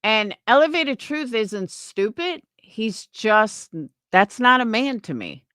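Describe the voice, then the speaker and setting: A woman's voice: a little high, very animated, slow, bright, forceful tone, clean tone, no echo, clean studio sound. A young woman streamer giving a profane, scornful reaction rant on a livestream. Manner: angry, profane, scornful ranting.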